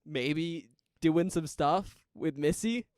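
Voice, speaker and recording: A man co-hosting a casual podcast about a horror film, talking in a chatty, animated way and laughing often. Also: fairly high pitch, slow pace, no room sound, studio quality. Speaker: podcast co-host. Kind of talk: casual movie chat.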